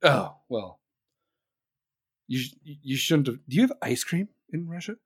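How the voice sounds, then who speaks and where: A man's voice: medium pitch, very animated, slightly rough, voice pushed down. A man doing an impression of a confused, rambling elderly male president who mumbles and loses his thread. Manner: mumbling, meandering, halting.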